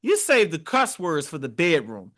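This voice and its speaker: A young man co-hosts a podcast in loose, animated conversation, acting out the people he quotes. His voice sits high and rings bright. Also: normal speed. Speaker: podcast co-host. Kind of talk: casual conversation.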